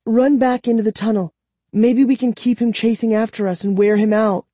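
Guy voicing a frightened girl, high and hurried, dry sound. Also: fairly even intonation, dark tone, dry recording. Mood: urgent. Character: frightened girl, quick and whispering. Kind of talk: audiobook reading.

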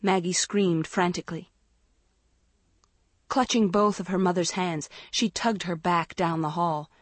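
A woman narrating a story in a measured, expressive reading. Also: lowish voice, dry recording. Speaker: audiobook narrator. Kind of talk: scripted narration.

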